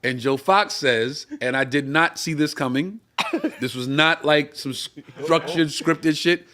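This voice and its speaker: A middle-aged comedian co-hosting a live-streamed talk show, telling a long, profane anecdote and acting out the voices of the people in it. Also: male voice, fairly high pitch, unhurried, pushed and bright. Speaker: comedian and co-host.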